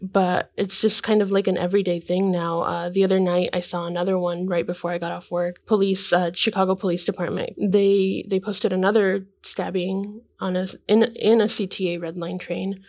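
A woman's voice: fairly low pitch, flat delivery, normal speed, few pauses, a little mellow, lo-fi sound. A woman who works as a news reporter, talking casually with a lot of hedging. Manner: casual, hedging, lots of like and kind of. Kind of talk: casual podcast chat.

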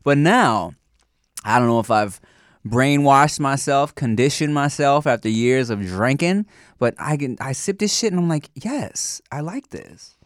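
Male co-host, expressive pitch, dry close mic, loose slangy banter. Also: normal speed, no echo. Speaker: podcast co-host. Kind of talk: casual chat.

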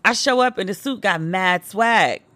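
A woman's voice: medium pitch, moderate pace, a bit bright, no echo. A woman hosting a podcast, tipsy and telling a playful story in a casual monologue, now and then mimicking her friends. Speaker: podcast host.

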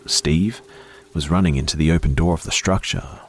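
A man slowly narrating a first-person horror story in a hushed voice that often drops to a whisper. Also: rumbling low, a little hiss or hum.

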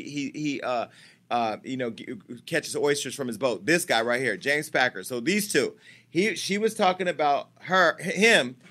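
A man hosting a gossip show with a brash, profane delivery. His voice sits a little high and has a sharp, forceful edge. He talks in a casual, teasing way, as if chatting with people in the room. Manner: brash, profane and teasing, talking to off-camera staff. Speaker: host of a celebrity gossip show.

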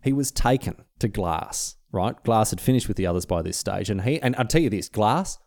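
A man's voice: on the low side, moderate pace, no echo, clean studio sound. A man with an Australian accent telling a history story in a casual, conversational way. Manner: animated, conversational, with restarts. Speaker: history podcast host.

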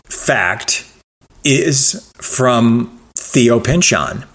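A man's voice: medium pitch, expressive, very slow, a bit bright. Easygoing man reading trivia in casual chat. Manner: laid-back, quips and reads trivia facts. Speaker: podcast co-host. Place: Los Angeles.

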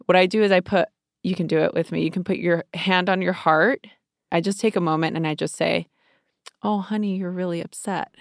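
A woman's voice: fairly low pitch, fairly even intonation, a little fast, vocal fry, no room sound, clean studio sound. A woman co-hosting an advice chat, talking earnestly and coaching through feelings. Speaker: co-host giving advice.

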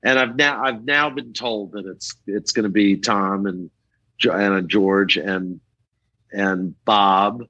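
Recorded dry and dull, this older man speaks slowly in a fairly low voice. A rock photographer, he tells stories during a relaxed interview, animatedly performing the characters he describes.

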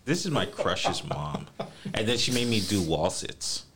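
A man with a low voice and a very lively pitch tells stories on a podcast, laughing as he goes. He has Caribbean roots from the East Coast and leaps into high mimic voices for the people he quotes. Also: a little slow, background noise. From Caribbean roots, raised on the US East Coast. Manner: animated, laughing storyteller who jumps into high mimic voices. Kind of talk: casual chat.

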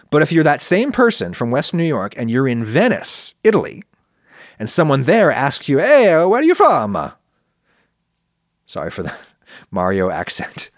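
A man hosting a podcast, making his case to listeners in an animated, argumentative monologue. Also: no room sound, studio quality. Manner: animated, argumentative, swings pitch for emphasis. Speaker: podcast host answering listener questions. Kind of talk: casual spoken monologue.

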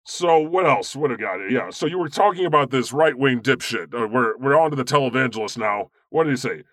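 A man hosting a comedy podcast as God, irreverent and boastful, swearing freely and cracking deadpan jokes. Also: medium pitch, a little fast, no room sound, clean studio sound. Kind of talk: improvised comedy chat in character.

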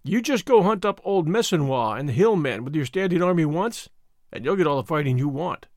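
A man's voice: fairly high pitch, animated, brisk, darkish tone, no room sound, clean studio sound. A man voicing a young, doubtful secretary in an audiobook, speaking with a wondering tone. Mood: explaining.

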